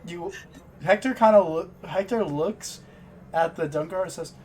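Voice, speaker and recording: A man narrating a tabletop game as game master, halting and restarting as he describes the scene. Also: high-pitched, darkish tone, slight background noise.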